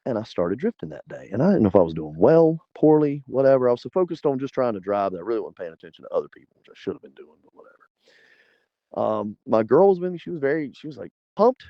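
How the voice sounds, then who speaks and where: Speaking quickly in a mid-range voice, this forty-something guest from South Carolina laughs his way through an animated story during an interview, playing the other characters himself. The sound is dry, with no room sound, and slightly dull and lo-fi.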